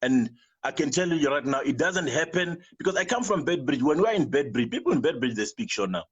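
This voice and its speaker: A man's voice: fairly high pitch, lively intonation, brisk, slightly rough, lo-fi sound. A man from Zimbabwe, a native Venda speaker with a Zimbabwean English accent, telling an emotional personal story in an earnest way, often restarting his sentences. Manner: earnest, repetitive, with many restarts. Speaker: guest.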